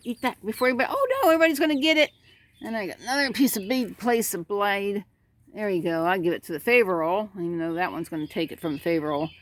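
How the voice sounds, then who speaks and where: A woman chatting about her backyard chickens, rambling and cooing at the birds, recorded outdoors on a phone. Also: lowish voice. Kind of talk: casual chat. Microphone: phone camera.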